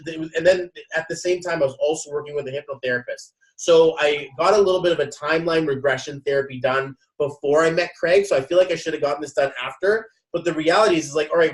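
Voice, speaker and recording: A man casually recounting his sessions, acting out other people's lines with many restarts. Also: on the high side. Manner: animated, quotes others in dialogue, frequent restarts. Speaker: host. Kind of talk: casual storytelling. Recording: echoey room, mic at a distance.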